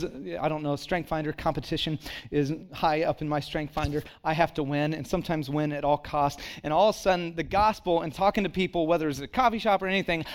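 High-voiced animated man preaching. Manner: animated storyteller, acts out quoted voices. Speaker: pastor. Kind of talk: sermon with personal stories.

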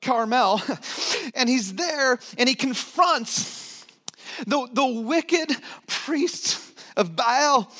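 Male pastor, slightly high-pitched, preaching with hushed dips and emphatic swells, casual humor. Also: sing-song, a little slow. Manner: dynamic preaching, dropping to soft near-whispers and rising to emphatic points; conversational, joking asides. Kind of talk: sermon.

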